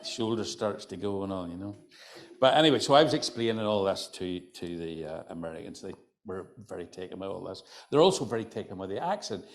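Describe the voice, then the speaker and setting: An older folklorist from County Antrim, Northern Ireland, tells humorous folk stories to a live audience in a hotel function room, speaking with an Antrim accent. He's chatty and teasing, dropping in "you know" constantly. His voice is low and brisk, with lively intonation.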